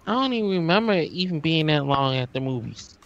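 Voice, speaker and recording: A man's voice: fairly high pitch, lively intonation, quick pace, fairly bright tone. Wisecracking man, slightly muffled. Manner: wisecracking, cursing. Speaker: podcast co-host. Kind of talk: casual movie commentary banter.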